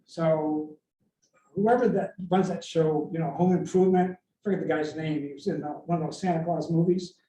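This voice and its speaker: A middle-aged man, an inventor giving a lively storytelling talk that acts out the quoted voices, heard from a distance in an echoey room. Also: on the high side, normal speed, a little hiss or hum.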